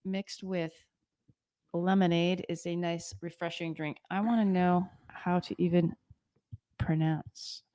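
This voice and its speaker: A woman's voice: fairly low pitch, steady tone, slow pace, dark tone, no echo, clean studio sound. A woman co-hosting a casual chat over drinks, teasing her partner with playful interjections. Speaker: podcast co-host.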